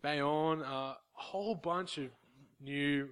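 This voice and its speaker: A man's voice: fairly high pitch, slow, fairly bright tone, clean tone. A man hosting a casual hobby podcast, steering the talk and laughing often. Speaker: podcast host. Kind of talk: casual chat.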